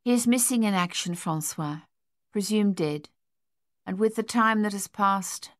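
A woman reading the part of a caring French nursing sister in an audiobook, soft but firm. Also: medium pitch, measured pace, natural voice. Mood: firm gentle.

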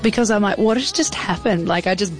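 A woman in an archival clip, excitedly recounting a performance she gave on stage. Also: mid-range voice, a little fast, faint music behind. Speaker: singer recalling a performance.

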